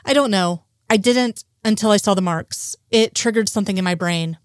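A woman reading the lines of a sheepish, hesitant male agent in a storybook reading, halting and sighing as she speaks. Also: mid-range voice, dry recording, clean studio sound, lightly acted.

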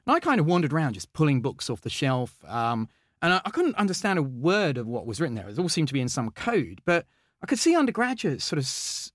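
A man's voice: on the high side, fast, dry recording, clean studio sound. Eager storytelling man from England. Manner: eager, animated storytelling with many fillers and restarts. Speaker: guest, mathematician. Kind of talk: conversational interview storytelling.

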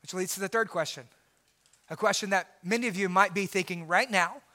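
A male pastor preaching a sermon in an earnest way, swinging from quiet, low lines up to shouted emphasis and often repeating words as he goes. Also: brisk.

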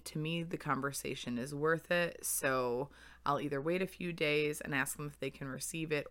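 A woman's voice: rumbling low, fairly bright tone. A young woman hosting a podcast on her own, talking in a candid, reflective way and laughing easily. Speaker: podcast host. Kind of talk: solo podcast talk.

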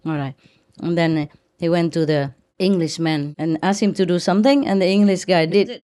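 A woman telling a joke in casual chat, chatty and quick to laugh along with others. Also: fairly low pitch, dark tone.

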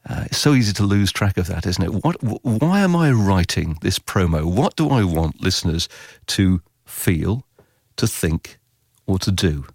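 A man, a radio author giving a lively interview and acting out listeners' reactions. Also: low voice, a little slow, no echo, studio quality. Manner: animated, acts out listener reactions in quotes. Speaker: radio consultant and author guest. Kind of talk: podcast interview.

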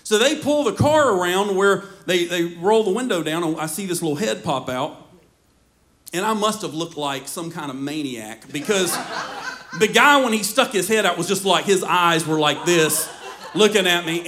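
Bright-voiced, animated male pastor. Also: high voice, normal speed. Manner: animated storytelling, often laughing mid-sentence. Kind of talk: sermon with a personal story. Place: church.

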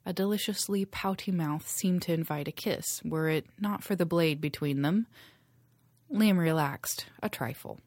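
Low-voiced woman reading a novel aloud. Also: a little slow, darkish tone, no echo. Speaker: narrator. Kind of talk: audiobook reading.

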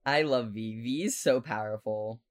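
A woman co-hosting a podcast, chatting casually about a TV episode and reacting to her co-host with quick comments and laughter. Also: extremely low pitch. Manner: lively reactions, laughs often. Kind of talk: casual TV recap chat.

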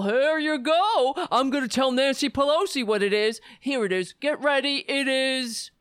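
A woman voicing a blustering, flag-waving American patriot man with a New York accent, in a satirical comedy monologue. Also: high-pitched. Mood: pompous. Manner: shouty, pompous, preachy.

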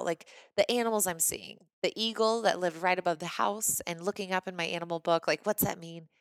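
A woman from Missouri hosting a podcast, telling a personal story in a lively, chatty way with lots of "like" fillers. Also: on the low side, clean tone, no room sound. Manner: animated, chatty, frequent "like" fillers. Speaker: podcast host. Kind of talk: casual storytelling monologue.

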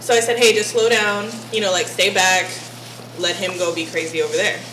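A woman's voice: fairly low pitch, steady tone, fairly quick, a bit bright. A young woman from Texas telling a story in a casual chat, laughing often and swearing freely. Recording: echoey room with background noise.

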